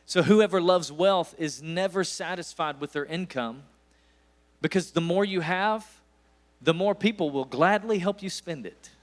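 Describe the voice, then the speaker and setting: A man's voice: high-pitched, measured pace. A man in his forties with an East Tennessee accent, preaching a sermon as a visiting pastor with folksy stories and emphatic bursts. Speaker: guest pastor.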